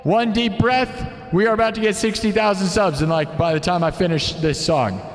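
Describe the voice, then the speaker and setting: Hyped high-voiced male streamer. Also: fairly quick, big-room sound, a little hiss or hum. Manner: hyped, pep-talk chanting; mocks his haters. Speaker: live music streamer. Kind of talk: live stream chat.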